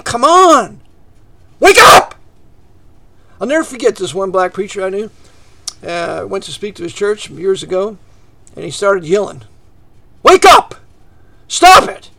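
Fiery high gravelly preacher man. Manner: fiery, often shouting; drops to low, quiet asides. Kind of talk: ranting monologue to listeners.

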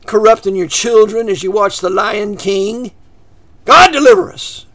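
Man, preacher, ranting monologue, high-pitched, gravelly, bursts of shouting. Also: a little slow. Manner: fiery, often shouting; drops to low, quiet asides.

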